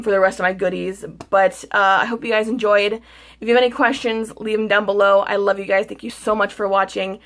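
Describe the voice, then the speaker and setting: A woman's voice: mid-range voice, fairly bright tone. A woman beauty vlogger telling a frustrated, rambling story in a casual vlog, swearing freely and repeating herself. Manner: repeats words, rambling with restarts.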